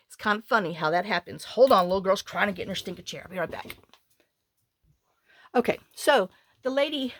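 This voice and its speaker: A woman's voice: a little high, no room sound. A middle-aged woman, chatting and rambling through a story as a craft channel host. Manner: rambling, animated, with many restarts and quoted dialogue.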